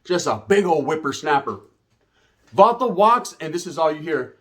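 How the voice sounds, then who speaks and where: A man's voice: on the high side, sing-song, normal speed. A man telling a rambling, profane hood story full of slang. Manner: rambling, swearing, slang-heavy. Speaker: comedic storyteller.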